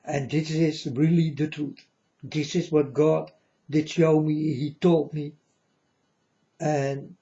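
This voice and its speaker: This man, a self-styled prophet, delivers a slow, preachy and repetitive religious ramble, addressing viewers as folks. Though dark in quality, his voice is fairly high in pitch. Dull, lo-fi audio.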